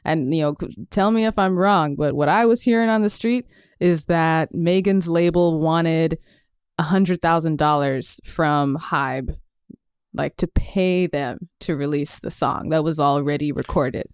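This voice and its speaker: A woman co-hosting a pop music news podcast, chatting and laughing easily. Her voice sits low and sounds smooth and resonant. The recording is dry and close. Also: measured pace, dry recording. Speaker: podcast co-host. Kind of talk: casual chat.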